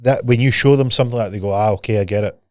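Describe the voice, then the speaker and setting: A man's voice: on the low side, rapid-fire, no room sound, studio quality. A Scottish man co-hosting a podcast, telling stories in casual chat, swearing freely and acting out both sides of a conversation. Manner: animated storyteller, swears freely, acts out dialogue. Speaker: podcast co-host.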